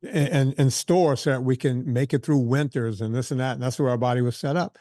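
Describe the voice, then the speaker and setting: A man in his sixties, a fitness trainer telling stories in a casual interview, animated and full of quoted asides and restarts. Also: mid-range voice, brisk, dry recording, clean studio sound. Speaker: fitness trainer and podcast guest.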